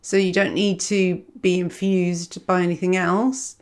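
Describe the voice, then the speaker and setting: A woman's voice: fairly low pitch, flat delivery, a little slow. A woman giving a casual astrology reading, rambling and self-mocking. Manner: rambling, digressive, self-mocking, laughs often.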